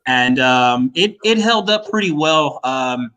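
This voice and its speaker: A man chatting casually as a guest, talking in a rambling, halting way. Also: mid-range voice, expressive, bright, forceful tone, clean tone, low-quality recording. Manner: rambling, halting, many restarts. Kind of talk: casual chat.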